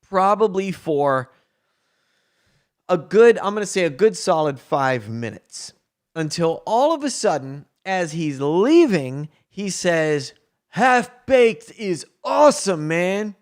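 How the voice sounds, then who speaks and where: A man spins a long casual anecdote in a slightly high-pitched voice. He is animated and slips into quick impressions of the people he quotes, then drops back to an easy conversational tone. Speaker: prankster telling a story. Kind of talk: casual storytelling.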